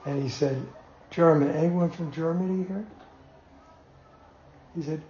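An older man slowly telling a personal anecdote to a small group, acting out quotes and laughing as he goes. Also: on the high side, echoey room, dull audio. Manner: slow, animated storyteller who acts out quotes and chuckles. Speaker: devotee telling memories.

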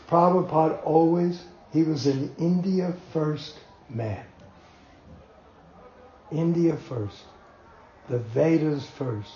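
An older man slowly telling a personal anecdote to a small group, acting out quotes and laughing as he goes. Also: on the high side, roomy sound, muffled recording, a little hiss or hum. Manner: slow, animated storyteller who acts out quotes and chuckles. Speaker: devotee telling memories.

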